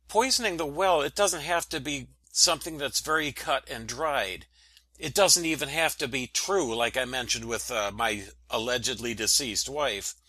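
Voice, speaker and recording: Bright-voiced man lecturing on a podcast. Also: medium pitch, no room sound. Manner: earnest, preachy, lecturing. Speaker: podcast host. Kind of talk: solo podcast monologue.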